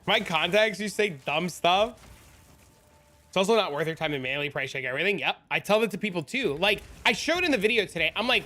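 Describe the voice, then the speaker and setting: A male game streamer chatting casually and profanely with his viewers. His voice is high and bright, and he talks in an animated, bantering way. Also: fairly quick. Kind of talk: casual live-stream chat.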